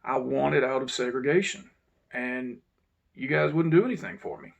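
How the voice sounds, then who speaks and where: A man, telling a personal story to his channel's viewers in an unhurried, reflective way that sometimes drops to a low mutter. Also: gravelly, dull audio. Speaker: channel host. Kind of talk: casual storytelling monologue.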